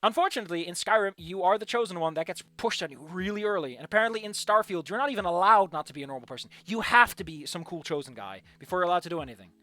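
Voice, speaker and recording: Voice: mid-range voice, lively intonation, very fast, hardly any pauses, sharp tone, no room sound. A streamer giving casual gaming commentary, opinionated and ranting, often restarting mid-thought.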